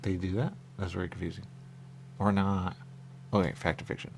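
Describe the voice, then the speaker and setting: A man's voice: low-pitched, level tone, fairly quick, a little mellow, a little hiss or hum. A man rambling and joking in loose banter as a radio show host, repeating catchphrases. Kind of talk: loose banter among co-hosts.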